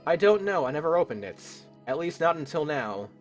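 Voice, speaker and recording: A man's voice: a little high, big pitch swings, fairly quick, soft background music, voice pushed up. A man voicing a playful young woman customer at a bar, reading game dialogue aloud. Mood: shy. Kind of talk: let's play voice acting.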